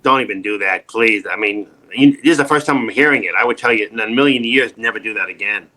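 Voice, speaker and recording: A man's voice: mid-range voice, fast talker. A middle-aged man, an acting coach, talking in an emphatic, repetitive way in a casual interview. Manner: emphatic, repetitive, animated storytelling.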